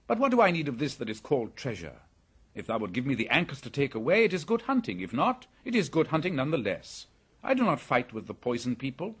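A man voicing a fearless young jungle boy in an audiobook, raised and lively, proud and defiant. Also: mid-range voice, fast, slightly rough, voice pushed up. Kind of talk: audiobook character voice.

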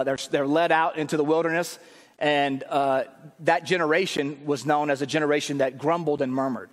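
High-voiced man preaching in an echoing church. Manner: conversational preaching, rising to emphatic shouts. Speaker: pastor. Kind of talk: sermon.

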